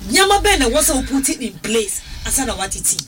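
A woman's voice: high voice, big pitch swings, fast talker. A Ghanaian woman hosting a casual radio talk, asking questions and prompting with short interjections. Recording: distant mic with background noise.

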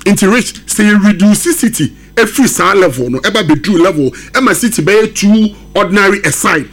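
Animated high-voiced Ghanaian pundit. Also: male voice, a little fast. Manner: excited, emphatic, mixes English and Twi. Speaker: football pundit. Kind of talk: radio sports discussion.

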